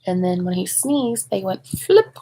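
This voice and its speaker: A woman reading a picture book aloud to young children, expressive and adding chatty asides to her listeners. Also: medium pitch, measured pace, slight background noise, low-quality recording. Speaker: storybook reader at a speech clinic.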